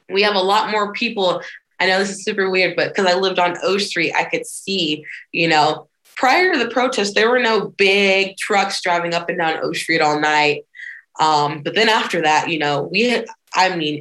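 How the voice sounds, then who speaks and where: A woman activist answering interview questions in a lively, conversational way, often acting out other people's voices. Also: lowish voice. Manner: animated, acts out quoted voices. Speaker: activist guest.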